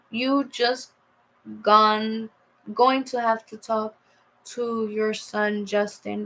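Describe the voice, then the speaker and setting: A young woman talks slowly and haltingly, her voice slipping into a gravelly fry as she trails off. She rambles through a personal story in a casual vlog, stopping and restarting often. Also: a little high, a bit bright, rough recording. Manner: rambling, halting, reads out texts. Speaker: vlogger.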